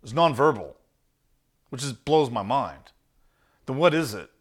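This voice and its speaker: A man's voice: mid-range voice, big pitch swings, unhurried, husky. A man teaching sales in an emphatic, punchy monologue. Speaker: sales coach.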